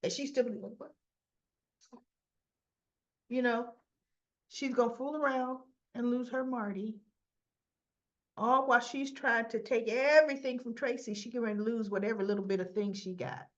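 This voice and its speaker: A woman casually recapping a soap opera episode, retelling the scenes in a chatty, animated way and slipping into quick character voices. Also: a little high. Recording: slightly muffled lo-fi audio.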